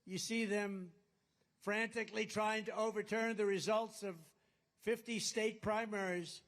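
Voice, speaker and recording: A man speaks to a rally crowd, his voice sitting rather high for a man. He rambles and boasts, circling back to the same phrases again and again. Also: steady tone, measured pace, fairly bright tone. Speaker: political candidate. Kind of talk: campaign rally speech. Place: rally at a golf resort.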